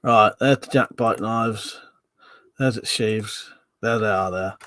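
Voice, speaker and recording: A man's voice: on the low side, takes it slowly, a bit bright, dry recording. A man hosting a casual livestream, reading out viewer comments and swearing freely as he chats. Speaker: livestream host.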